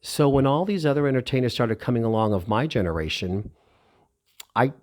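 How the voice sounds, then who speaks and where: A middle-aged man telling a personal story in a lively, heartfelt way. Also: mid-range voice, a little fast. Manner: animated, emotional, lively retelling.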